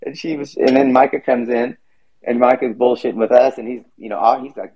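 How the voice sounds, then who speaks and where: A man's voice: mid-range voice, fairly even intonation, brisk, dull audio. A man hosting a podcast, chatting casually and rambling, swearing freely. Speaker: podcast host. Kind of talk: casual chat.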